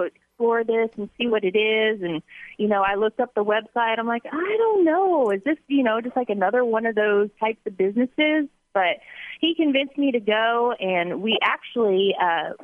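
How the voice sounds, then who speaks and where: A woman's voice: mid-range voice, no room sound. A woman, a radio show guest, telling her story in a chatty, casual way with many fillers. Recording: tinny phone line.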